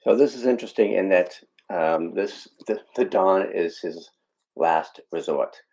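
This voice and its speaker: A man's voice: low voice, unhurried, a little mellow, poor audio. A man hosting a podcast, casually explaining a film scene with frequent fillers and asides. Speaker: podcast host.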